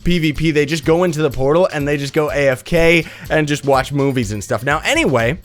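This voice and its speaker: A young man with a rough, sick voice, hosting a gaming channel and explaining a game with upbeat, rambling talk. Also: a little high, brisk, soft background music. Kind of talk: let's play tutorial commentary.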